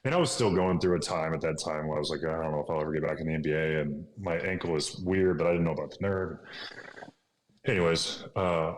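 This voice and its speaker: Deep-voiced man telling an emotional story. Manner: earnest, animated retelling with whispered asides. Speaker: podcast guest. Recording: echoey room with faint noise.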